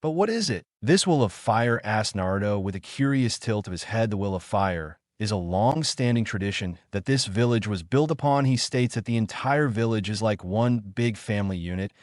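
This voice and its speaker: Low-voiced man narrating a fan story. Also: moderate pace, hardly any pauses, no echo, studio quality. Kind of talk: scripted fan fiction narration.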